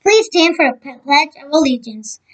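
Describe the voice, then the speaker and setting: A woman's voice: high-pitched, very animated, moderate pace, fairly bright tone, poor audio. A woman reading a children's book aloud, stumbling over words now and then and adding her own side comments. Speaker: reader.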